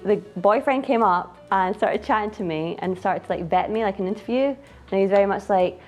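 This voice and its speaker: A woman's voice: mid-range voice, fairly quick, muffled recording, faint music behind. A woman telling a story bluntly and casually. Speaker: interviewee.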